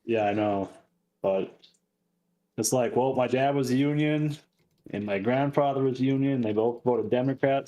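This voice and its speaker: A man from Minnesota chatting casually in a plainspoken way, quick to laugh. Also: medium pitch, mellow. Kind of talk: casual chat.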